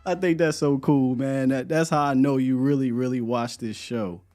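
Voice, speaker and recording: A man's voice: medium pitch, steady tone, normal speed, a little mellow. Laid-back man hosting a sports show. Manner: loose, laughing, repeats words. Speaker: sports podcast host. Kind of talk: casual live-stream chat.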